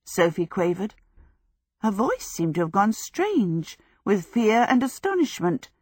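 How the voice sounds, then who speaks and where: This is scripted audiobook narration from a woman whose mid-range voice is slightly rough. She tells the story at a steady, measured pace, and the studio recording is clean with no room sound.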